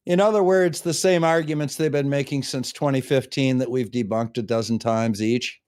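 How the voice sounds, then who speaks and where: A man's voice: mid-range voice, steady tone, normal speed, a little mellow, clear, resonant tone. A man on a debate panel making dry, dismissive remarks in casual talk. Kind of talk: casual discussion.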